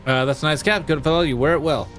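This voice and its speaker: A man's voice: on the high side, fairly even intonation, fast, a bit bright, faint music behind, lightly acted. A man voicing a jovial dwarf monster hunter from a video game, reading his lines with hearty, slightly clumsy delivery.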